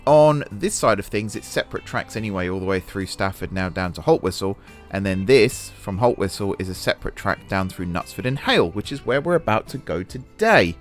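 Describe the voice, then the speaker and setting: A man's voice: fairly low pitch, animated, a little fast, hardly any pauses, faint music behind. Chatty man narrating a building game. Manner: chatty, thinking aloud while building; self-deprecating about mistakes. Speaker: gaming channel host. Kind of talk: casual let's-play commentary.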